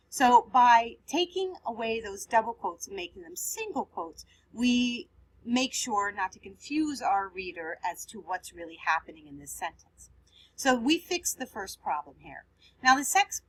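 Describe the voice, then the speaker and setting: A woman's voice: a little high, sing-song, measured pace, breathy edge, rough recording. A woman teaching writing, patiently explaining punctuation step by step as she edits on screen. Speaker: writing instructor. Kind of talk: screen-recorded writing lesson.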